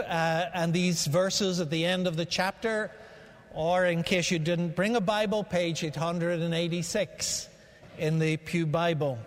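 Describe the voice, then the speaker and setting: High-voiced Northern Irish preacher in a church. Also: male voice, a bit bright. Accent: Northern Irish, faded by years in America. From Northern Ireland. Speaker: guest preacher. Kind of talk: sermon. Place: large church sanctuary. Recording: church hall reverb.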